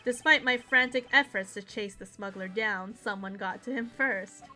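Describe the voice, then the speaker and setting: A woman's voice: medium pitch, moderate pace, bright, forceful tone, soft background music, close to an everyday voice. A woman reading the lines of a proud, stern young male agent from a game, in close to her own voice. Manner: reading game dialogue aloud.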